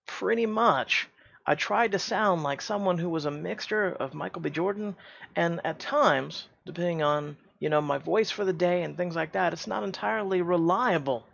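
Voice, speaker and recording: A man's voice: high-pitched, moderate pace, creaky, fairly bright tone, dull audio. A man who hosts his own channel, speaking in a heated, defensive rant. He often repeats and stumbles over his words. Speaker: YouTube channel host.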